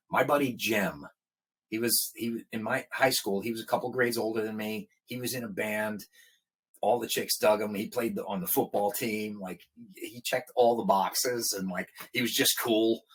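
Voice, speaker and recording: A man's voice: lowish voice, husky. A middle-aged man, a guest musician, telling casual stories on a podcast and animatedly acting out the people in them. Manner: animated, acts out quoted people in a raised voice. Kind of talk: casual storytelling in a podcast interview.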